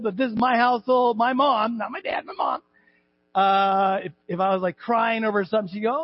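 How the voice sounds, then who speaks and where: A male pastor preaching a sermon in a church, animated and joking, acting out voices and shouting at times. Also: very high voice, a little fast, long pauses, dull audio. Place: church sanctuary.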